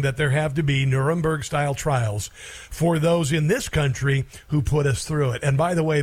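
A middle-aged man hosting a talk radio show, holding forth in a rambling, emphatic monologue with lots of fillers and restarts. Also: a little high.

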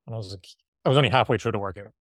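A man's voice: lowish voice, rapid-fire, no echo, clean studio sound. A man with an Irish accent, a marathon runner and podcast co-host, chatting casually and rambling, worn out after a hard workout. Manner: chatty, rambling, laughs often. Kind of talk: casual chat.

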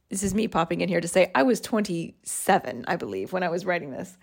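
A woman's voice: fairly low pitch, animated, fast, creaky, hardly any pauses, husky. A woman in her forties, a podcast host, reads her old journal entries aloud and laughs at her younger self. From United States. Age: 40s.

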